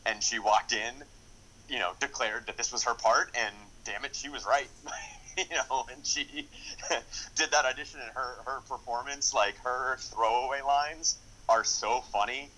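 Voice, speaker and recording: Speaking at a moderate pace with a steady, mid-range voice that comes across pushed and bright, a man discusses the film he wrote and directed. It's a casual interview; he rambles eagerly, using plenty of fillers and starting over often, on a low-quality recording.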